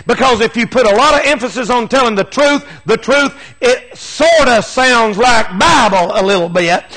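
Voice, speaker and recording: Fired-up preacher guy, really high sharp voice, folksy and repeats himself, gets shouty. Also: lively intonation, moderate pace, poor audio. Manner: fervent, emphatic preaching with repetition and rising shouts. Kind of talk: sermon.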